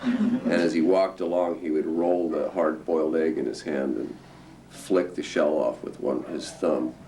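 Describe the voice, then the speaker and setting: Older man, very low voice, rambling anecdotes, distant mic, faint room noise. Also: unhurried. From Northern California coast. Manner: rambling, lively, with frequent chuckles. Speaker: storyteller guest. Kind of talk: anecdotal storytelling. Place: museum talk event.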